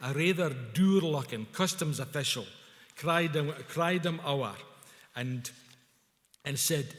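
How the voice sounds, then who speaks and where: A man's voice: a little high, slow pace, in a large hall. A man with a Scottish accent telling a story to an audience at a public event, using broad Scots words. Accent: Scottish, Scots dialect. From Scotland. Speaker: speaker at a culture event. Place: event hall.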